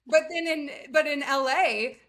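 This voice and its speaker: A woman's voice: sits high, unhurried, a bit bright. A woman from the United States, a podcast guest chatting casually, bubbly and giggly with lots of fillers. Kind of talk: casual interview chat.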